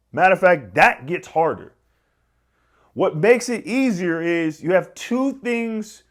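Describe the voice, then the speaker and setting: High-voiced emphatic male fitness coach. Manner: emphatic, repetitive, energetic coaching. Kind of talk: motivational talk to camera.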